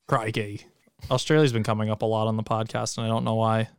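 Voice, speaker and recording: A man co-hosting a podcast with a smooth, resonant voice, recorded dry and close. He jokes around irreverently and swears casually. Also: fairly low pitch, little pitch movement, rapid-fire, no echo. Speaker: podcast co-host.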